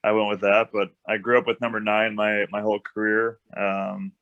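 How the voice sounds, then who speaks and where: Young man from the US, easygoing guest, fairly low voice, muffled call audio. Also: level tone, normal speed. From United States. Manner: easygoing, many ums and uhs. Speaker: professional ice hockey player, guest. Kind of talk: casual interview chat. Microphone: video call. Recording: dull lo-fi video call audio.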